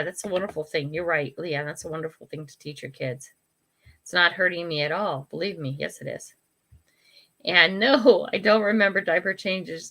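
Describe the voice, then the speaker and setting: An American older woman hosts a casual livestream, reading viewer comments and answering them frankly and chattily. She laughs often and breaks off to apologize, speaking in a fairly low, sharp-toned voice.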